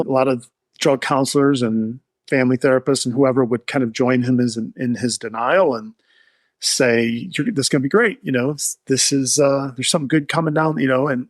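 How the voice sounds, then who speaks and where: A man's voice: medium pitch, no room sound. A man being interviewed, telling a client's recovery story in an earnest, heartfelt, rambling way. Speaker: addiction therapist, guest.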